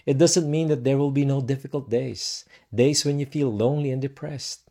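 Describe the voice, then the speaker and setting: A man giving a devotional sermon in a slow, measured way, letting his phrases trail off softly. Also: medium pitch, fairly even intonation. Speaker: preacher.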